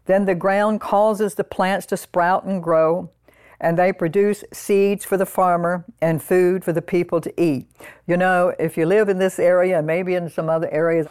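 A woman with a lowish voice preaches a sermon, slowing down to read scripture aloud and then speaking casually to her listeners. The recording is dry and close, with no room sound. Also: steady tone, a little mellow, clean tone, no echo. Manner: conversational, with frequent "you know" asides.

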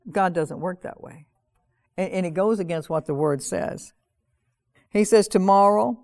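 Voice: medium pitch, darkish tone, no echo, clean studio sound. A pastor preaching a sermon in an earnest manner, often repeating phrases and reading scripture aloud with a raised voice.

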